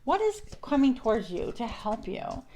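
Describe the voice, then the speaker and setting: A woman's voice: on the high side, big pitch swings, moderate pace, warm tone, slight background noise. Woman doing a tarot reading, rambling chatty way of talking, lots of um and okay, spiritual pep talk vibes. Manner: chatty, meandering, spiritual affirmations. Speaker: tarot card reader. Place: indoors at a counter.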